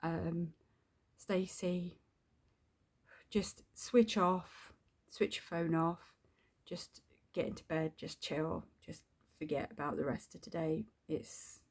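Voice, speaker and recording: Woman ranting into her video diary, swears a lot, kinda low voice. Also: takes it slowly. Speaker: video diarist. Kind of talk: angry venting vlog.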